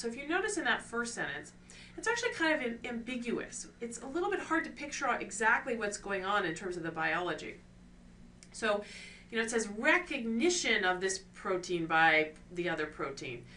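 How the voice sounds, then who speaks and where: Woman course lecturer with a bright, forward tone, teaching clearly with rhetorical questions, recorded from a little way off. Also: on the high side. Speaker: course instructor. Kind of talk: recorded lecture on scientific writing. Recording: distant mic with faint ambient noise.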